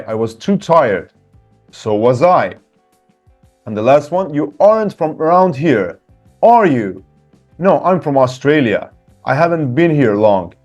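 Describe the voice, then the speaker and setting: A man's voice: a little high, muffled recording. A man teaching English, reading workbook answers aloud and cheering students on between exercises. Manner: lively, encouraging, reads example sentences with shifting emphasis.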